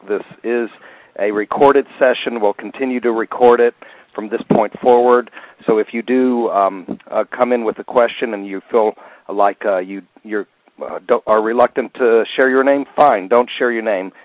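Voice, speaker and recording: A man moderating a question-and-answer session. He speaks hesitantly and stumbles through restarts. The sound is muffled and lo-fi. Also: on the low side. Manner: hesitant, full of fillers and restarts. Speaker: moderator of a class. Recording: dull lo-fi sound.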